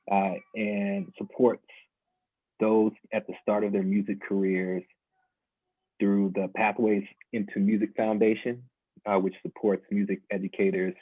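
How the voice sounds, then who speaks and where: Low husky man over a tinny line. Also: no echo. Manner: steady, listing credentials. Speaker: panel co-host. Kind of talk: reading guest introductions. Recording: tinny phone-like line, dry.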